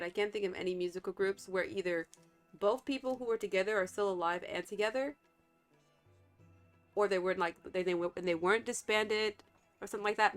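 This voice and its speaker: Woman streamer, relaxed chatty gameplay talk over soft game music. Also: mid-range voice. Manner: chatty, rambling, thinks aloud with restarts. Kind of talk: casual gameplay commentary.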